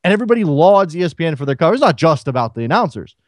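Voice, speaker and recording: A man's voice: a little high, sing-song, racing, no echo, clean studio sound. A man hosting a solo sports talk radio show, firing rhetorical questions at listeners.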